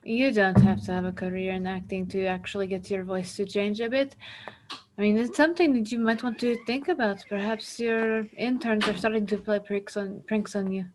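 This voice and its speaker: A woman playing a tabletop role-playing game in character, with a prim, coy, measured manner. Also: medium pitch, fairly even intonation, a little hiss or hum, poor audio.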